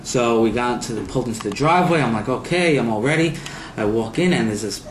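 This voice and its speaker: A man's voice: mid-range voice, expressive, fast. A young man telling stories about his future in-laws with wry, self-mocking humor in a casual home interview. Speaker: interviewee, groom-to-be. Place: apartment room. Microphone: home video camera. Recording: roomy home video with faint noise.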